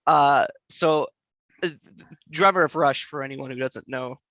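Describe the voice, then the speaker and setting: Bright, joking man on a dull mic. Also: mid-range voice, unhurried, no echo. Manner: joking, prone to ranting. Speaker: podcast co-host. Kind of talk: casual chat.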